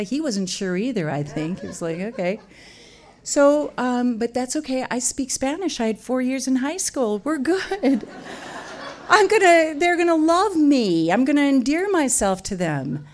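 A middle-aged woman tells a funny story about herself. Her pitch swings widely as she talks, and she mocks herself as she goes. Her voice is animated and sits at an ordinary middle pitch. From Wisconsin, USA. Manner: animated, self-mocking, jumps into loud high quoted voices. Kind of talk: comic personal storytelling.

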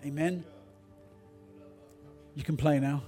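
A man's voice: fairly high pitch, fairly even intonation, slow pace, warm tone, soft background music. A middle-aged male pastor preaching a sermon, telling personal stories and building to fervent calls to repent. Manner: storytelling, then builds to fervent exhortation.

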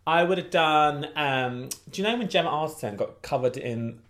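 A man's voice: fairly high pitch, lively intonation, moderate pace, a bit bright. A man co-hosting a podcast in casual chat, giggly and playful. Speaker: podcast co-host.

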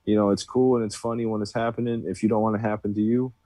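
Male co-host, low mellow voice, calm measured takes, dry close sound. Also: dry recording. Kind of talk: sports debate podcast.

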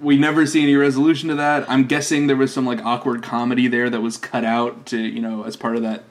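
A man's voice: medium pitch, flat delivery, fast talker. A man co-hosting a podcast, discussing a film in a casual, chatty way with frequent laughs and fillers. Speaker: podcast co-host.

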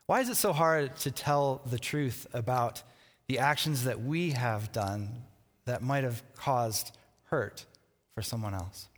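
A pastor in his thirties tells a family story to open a sermon, chatty and easygoing, chuckling along as he goes. His mid-pitched voice rings out with a long reverb, as if recorded in a big church sanctuary. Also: slow. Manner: chatty storyteller who laughs at his own anecdote. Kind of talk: conversational sermon with a personal story. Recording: long reverb from a large hall.

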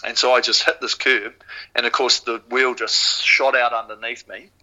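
On a low-quality recording, a New Zealand-accented former rower from New Zealand appears as a podcast guest, telling a story casually at a moderate pace in a mid-range voice. His retelling is animated and full of free swearing.

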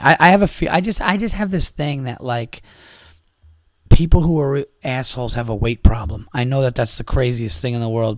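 A man's voice: medium pitch, dry recording, studio quality. A man hosting a podcast on his own, talking in a rambling, exasperated and profane way, full of restarts and asides. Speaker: podcast host. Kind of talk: casual solo podcast monologue.

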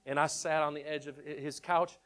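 A man with a bright, forceful voice pitched a bit high tells his testimony. He is excitable and animated, stacking repeated words in bursts as the story builds. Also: fairly quick, clear, resonant tone. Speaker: speaker sharing his testimony.

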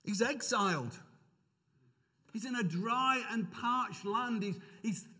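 A man preaching in a church, his voice sitting a little high for a man. He builds his points with rising emphasis and breaks off for easy asides to the congregation. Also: slow, pushed and bright, breathy edge. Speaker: pastor. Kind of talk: sermon.

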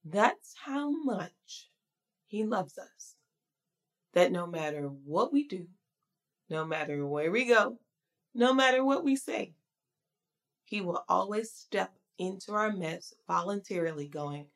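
A woman's voice: on the low side, expressive, unhurried. A woman preaching a sermon in a conversational, emphatic way.

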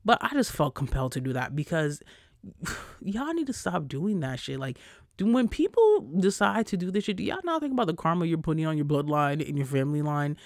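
A fired-up podcaster on a solo rant, cursing hard and firing off blunt questions. The voice sits in a middle pitch and comes through close and dry, with no room sound. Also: big pitch swings, dry recording. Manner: heated, profane, fast-cutting rant; frequent cursing and "like" fillers. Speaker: podcast host.

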